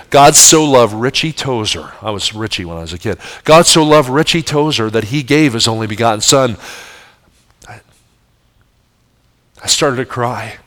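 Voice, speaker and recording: A man in his fifties with a New Jersey accent, preaching a sermon and telling his own story, swinging from loud emphatic questions to soft, hushed passages. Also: a little high. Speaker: pastor.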